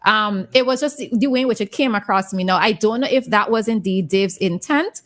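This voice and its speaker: Woman, radio co-host, morning call-in show, measured, reflective, mid pitch.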